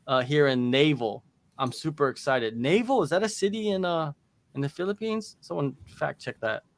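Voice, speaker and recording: A man hosting a casual livestream watch-along, reading viewer comments and shout-outs aloud with a joking manner. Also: on the high side, normal speed.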